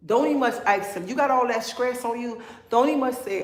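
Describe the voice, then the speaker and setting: A woman's voice: fairly high pitch, moderate pace. Woman, livestream host, blunt, preachy, keeps saying okay and honey, echoey room. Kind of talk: casual livestream talk.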